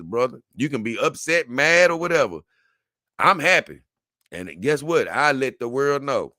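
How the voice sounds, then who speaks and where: A man chats casually to his livestream viewers, reading their comments aloud and riffing on them. His voice is bright and punchy, in a mid register. The sound is dry and close, with no room around it. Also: mid-range voice, unhurried, no room sound. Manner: loose, animated and repetitive, with slang and frequent "man" and "brother".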